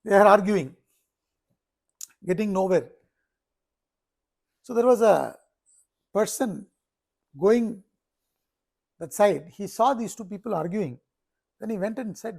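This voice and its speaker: Man, gravelly. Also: high-pitched, slow pace, long pauses, a little mellow. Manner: storytelling, checks in with listeners often. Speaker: spiritual teacher. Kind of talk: explaining scripture in a talk.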